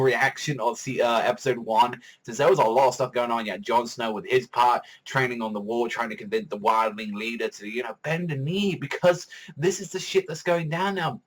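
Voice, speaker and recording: A man giving a casual, excitable fan reaction to a TV episode, swearing heavily and laughing often. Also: medium pitch, rough recording. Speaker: reaction vlogger.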